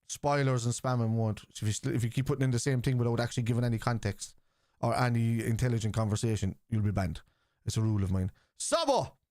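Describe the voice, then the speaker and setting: A man's voice: mid-range voice, no echo. Blunt sweary Scouse man, dry sound. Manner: blunt, sweary, argues with chat, shouts player names. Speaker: football watchalong streamer. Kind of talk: live stream chat and match reactions.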